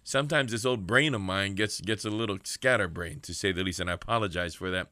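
Male ministry radio host, low pitch, forceful, fervent preacher's delivery. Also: a little fast, no echo. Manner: fervent preacher, calling for amens.

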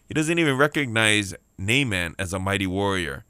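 A man's voice: lowish voice, expressive, normal speed, sharp tone, clear, resonant tone, no room sound, studio quality. A man preaching a sermon on the radio, emphatic, repeating key lines and calling out for amens. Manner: emphatic preaching with repeated phrases and call-outs for amen.

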